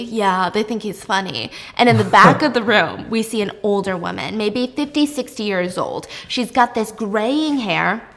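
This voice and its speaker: A young woman hosting a casual video, telling a story in a chatty, animated way while baking. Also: mid-range voice. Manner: chatty, animated, laughs often. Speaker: host.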